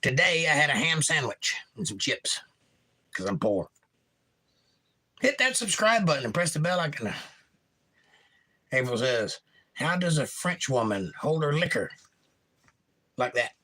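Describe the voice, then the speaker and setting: A man runs a laid-back evening livestream, reading viewers' comments aloud and riffing on them with playful jokes. His voice sits a little high for a man and sounds bright and forceful. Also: very animated, unhurried, long pauses, low-quality recording. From Florida. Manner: jokey, reads chat aloud with goofy voices. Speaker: livestream host.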